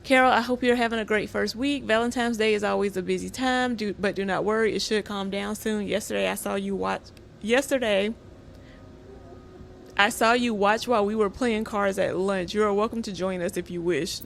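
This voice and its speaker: A woman's voice: medium pitch, fairly even intonation, a little fast, gravelly, few pauses, a little hiss or hum. A woman streaming a game, reading in-game letters aloud with gasping reactions. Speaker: gaming streamer. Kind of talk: casual gameplay commentary.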